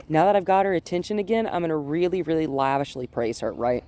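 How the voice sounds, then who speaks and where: A man working as a dog trainer outdoors on a driveway, explaining his steps while softly praising the dog. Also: a little high, fast, hardly any pauses. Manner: gentle, coaxing praise to a dog between explanations. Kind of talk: casual training vlog.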